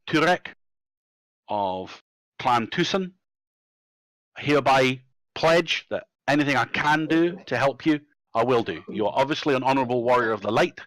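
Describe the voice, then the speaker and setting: A man's voice: mid-range voice, a bit bright, no echo, natural voice, rough recording. A man voicing a proud, loyal male dwarf clan warrior who speaks in a solemn, formal way.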